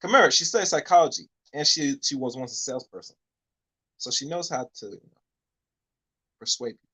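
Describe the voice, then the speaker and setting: Man, podcast guest, very animated pitch, dry close sound, loose rambling talk. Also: brisk, breathy edge, no room sound. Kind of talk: casual podcast chat.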